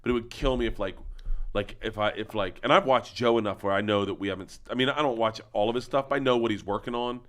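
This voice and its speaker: Guy comedian rambling through a story, lowish voice, keeps restarting. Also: quick pace, a bit bright. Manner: rambling storyteller, frequent restarts and acted-out quotes. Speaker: comedian guest. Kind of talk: casual chat.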